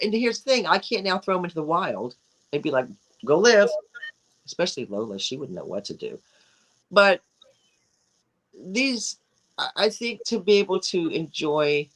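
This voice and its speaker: A woman co-hosting a casual chat show, talking in an animated, rambling way with frequent restarts. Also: fairly low pitch, low-quality recording. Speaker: co-host.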